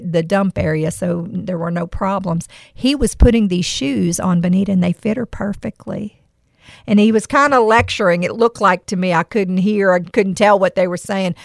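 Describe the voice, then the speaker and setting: Middle-aged woman podcast host, gravelly and earnest, telling a story with feeling. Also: mid-range voice, no echo, studio quality. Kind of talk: personal storytelling with Bible reflection.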